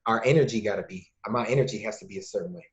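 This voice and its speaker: A man from Illinois, a podcast guest and youth mentor, talking casually and acting out quoted dialogue with lively changes of voice. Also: on the low side, very fast. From Lake County, Illinois, USA. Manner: lively storyteller who acts out quoted dialogue. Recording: dull lo-fi recording.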